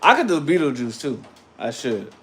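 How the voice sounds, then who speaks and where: A man hosting a casual livestream, talking back to his chat in a loose, slangy, animated way. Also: medium pitch, normal speed. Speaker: livestream host reading chat.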